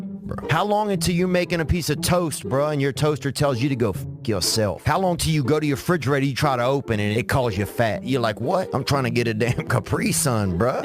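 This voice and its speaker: A male comedian rambling in a slangy, laid-back way. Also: fairly high pitch. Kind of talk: rambling stand-up.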